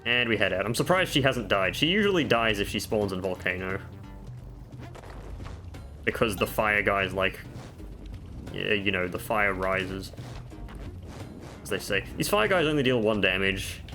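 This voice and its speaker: Lowish-voiced guy rambling over a game, tips and dry jokes, soft game music behind. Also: animated, normal speed, pauses often. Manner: chatty, explains game tips with offhand self-mocking jokes. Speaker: gaming video creator. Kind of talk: casual gameplay commentary. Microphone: desk microphone.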